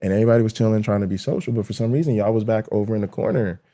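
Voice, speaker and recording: A man's voice: on the low side, very fast, mellow. A man hosting a show, ranting heatedly and profanely at his audience and hammering his points again and again. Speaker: show host and college lecturer.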